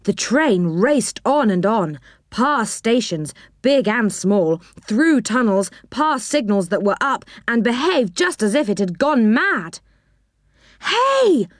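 A woman reading a children's storybook aloud with expressive, animated narration. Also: fairly high pitch, slow, dry recording, studio quality.

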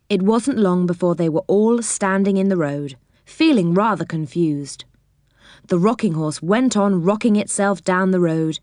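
A woman narrating a children's storybook in a lively, expressive way. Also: fairly low pitch, a little slow, dry recording, clean studio sound.

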